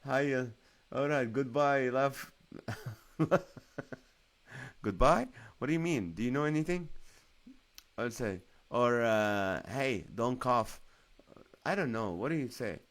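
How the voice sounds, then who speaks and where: A man's voice: medium pitch, lively intonation, slow pace, pauses often. A middle-aged man hosting a live stream, telling rambling jokey stories to viewers and laughing often. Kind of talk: casual comedic storytelling to live viewers. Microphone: phone or webcam on a live stream.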